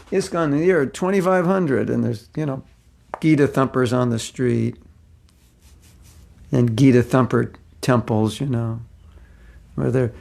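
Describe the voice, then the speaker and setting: A man's voice: medium pitch, creaky. A man teaching an informal spiritual class, answering questions in a playful, joking way that often trails off and restarts.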